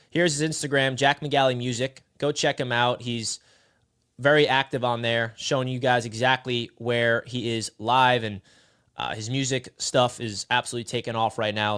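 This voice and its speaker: A man's voice: mid-range voice, fairly bright tone. A young man hosting a live fan stream, upbeat and effusive as he chats with callers and viewers. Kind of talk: excited live-stream chat.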